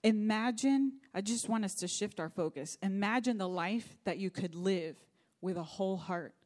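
A woman's voice: mid-range voice, normal speed, a little mellow. A middle-aged woman pastor preaching a sermon, telling a personal story in an earnest, faith-focused way.

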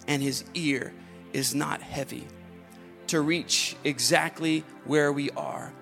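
A man preaching a sermon, repeating phrases with rising emphasis and moving from hushed whispers to fervent near-shouting. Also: fairly high pitch, creaky. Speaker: pastor.

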